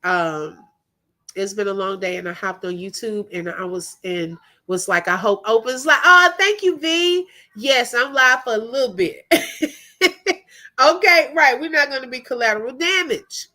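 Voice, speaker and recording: Bright, animated woman live-streaming. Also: on the high side, unhurried. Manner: animated, laughs often, greets viewers. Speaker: livestream host. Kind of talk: casual live-stream chat.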